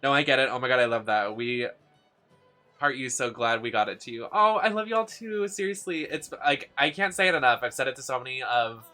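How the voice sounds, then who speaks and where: A young man streaming a video game live, chatting casually in an excitable, giggly, gushing way. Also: medium pitch, a little fast, soft background music.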